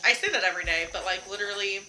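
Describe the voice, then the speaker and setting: Woman, young adult, live-stream chat, chatty, laughing, very bright tone, faint music underneath. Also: mid-range voice, very fast, rough recording. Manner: chatty, laughs often, swears casually. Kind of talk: casual live-stream chat while gaming.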